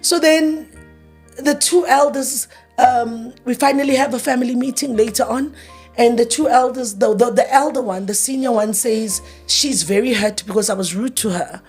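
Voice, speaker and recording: A woman's voice: a little high, moderate pace, darkish tone, slightly rough, soft background music. A grieving woman in her thirties tells her story in an interview, emotional and repeating herself as she acts out past arguments in quoted dialogue. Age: 30s. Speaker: interview guest.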